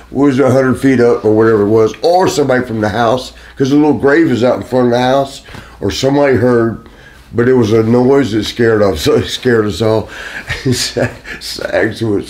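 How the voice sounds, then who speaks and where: Man laughing through a casual anecdote. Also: mid-range voice. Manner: laughing through story, animated.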